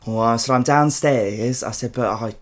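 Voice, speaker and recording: A man's voice: medium pitch, normal speed. A man from South London with a South London accent, telling stories in a swearing, laughing podcast chat. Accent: South London English. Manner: chatty, swears a lot, laughs often. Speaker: podcast host. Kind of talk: casual storytelling chat.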